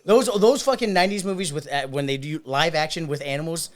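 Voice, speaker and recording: A young man hosting a podcast, trading quick, laughing banter. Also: fairly high pitch. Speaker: podcast host. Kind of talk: casual podcast chat.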